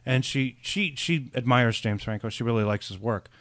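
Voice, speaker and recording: A man's voice: mid-range voice, moderate pace, fairly bright tone, no room sound. A man hosting a casual film discussion, speaking conversationally and thinking aloud as he goes. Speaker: podcast host and filmmaker.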